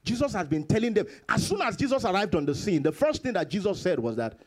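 A male pastor delivers a sermon in a high, bright voice. His pitch swings widely as he leans on repeated phrases and breaks into sudden high bursts. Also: fast talker. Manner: animated preaching with sudden high bursts and laughs.

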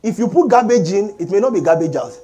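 A middle-aged man preaching a sermon as pastor, animated and calling for amens from the congregation. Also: sits high, fast, lo-fi sound. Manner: animated preaching with call-and-response.

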